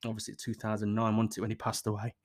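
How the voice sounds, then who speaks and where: A man in his thirties hosting a relaxed solo podcast. He talks in a cheeky, sweary, chatty way and often laughs at his own jokes. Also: lowish voice, fast. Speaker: podcast host. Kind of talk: casual solo podcast chat. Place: at home in his kitchen.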